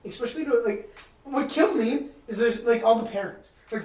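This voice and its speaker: A man's voice: very high-pitched, brisk, a little hiss or hum. Guy on a podcast cussing his way through a story, far from the mic, super echoey room. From Massachusetts. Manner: profane, animated storytelling. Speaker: podcast co-host. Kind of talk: casual chat. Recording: roomy sound from off mic.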